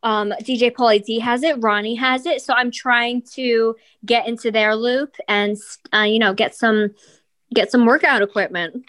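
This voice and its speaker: A woman's voice: on the high side, normal speed. Blunt, chatty woman co-host. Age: adult mother of school-age kids. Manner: animated and blunt, swears freely. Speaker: podcast co-host. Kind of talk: casual chat.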